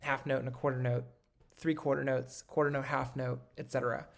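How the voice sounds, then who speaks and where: Casual music teacher with a gravelly voice. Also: mid-range voice, level tone, brisk. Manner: casual and patient, many ums and self-corrections. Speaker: music instructor. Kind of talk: recorded lecture, talking while drawing notation.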